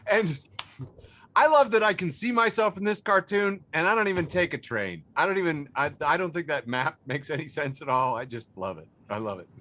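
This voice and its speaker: Bright-toned man describing memes. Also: fairly high pitch, fairly quick. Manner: relaxed, many uh fillers while describing images. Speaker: podcast co-host. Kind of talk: casual chat reading memes.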